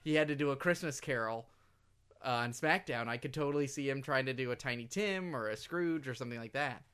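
A man's voice: mid-range voice, brisk, a bit bright, clean tone. A man co-hosting a casual podcast, chatty and laughing often. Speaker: podcast co-host. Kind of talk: casual chat.

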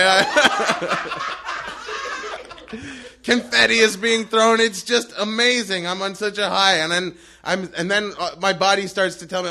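A young man telling a funny story on stage in an animated, breathless way, laughing through it. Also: sits high, moderate pace. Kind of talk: live storytelling.

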